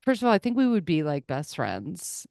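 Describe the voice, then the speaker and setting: A woman hosting a podcast, telling animated stories in a casual chat. Her voice sits a little low and sounds smooth and clear. The recording is dry and close. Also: dry recording. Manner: animated storyteller, quick asides and put-on voices. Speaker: podcast host.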